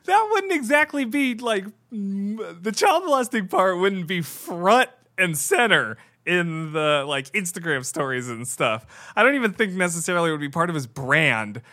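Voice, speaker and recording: A man on a comedy podcast, riffing deadpan with many fillers and restarts. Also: sits high, moderate pace, hardly any pauses. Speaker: podcast co-host.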